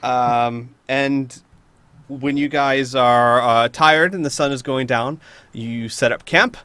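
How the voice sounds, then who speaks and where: Bright-voiced man running a tabletop game. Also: medium pitch, steady tone, takes it slowly, smooth. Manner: casual, hesitant with many fillers. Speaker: game master.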